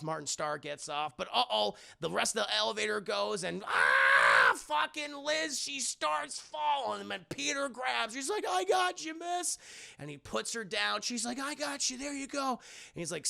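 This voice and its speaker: Animated man with a gravelly, bright voice. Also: moderate pace. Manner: animated, swearing, jumps into squeaky voices. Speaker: streamer reviewing a film. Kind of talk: casual recap with put-on character voices.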